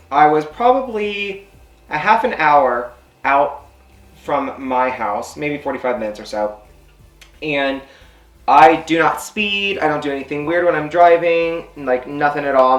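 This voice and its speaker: A man's voice: fairly high pitch, a bit bright. Chatty man in a roomy room. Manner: rambling, filler-heavy chat. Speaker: beauty vlogger. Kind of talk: casual storytime.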